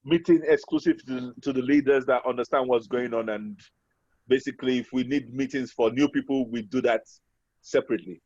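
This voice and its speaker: A man's voice: medium pitch, fairly even intonation, a little fast, darkish tone, dry recording. Man hosting a meeting over dull audio. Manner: conversational, calls on others by name. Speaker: meeting host.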